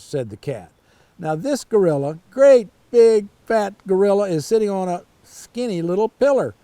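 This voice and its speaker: Slow, sing-song older man reading a picture book. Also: high-pitched, no echo. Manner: slow, lively storytelling with asides about the pictures. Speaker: storytime reader.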